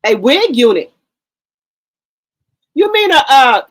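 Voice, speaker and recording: A woman's voice: medium pitch, expressive, moderate pace, a bit bright, poor audio. An older woman, hosting a casual gossip chat in a sassy, profane, emphatic way. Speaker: talk show host.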